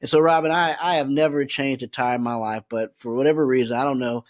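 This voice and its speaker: A man who is a podcast guest, telling a story in a lively way and often laughing as he talks. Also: medium pitch, fast. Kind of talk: animated storytelling.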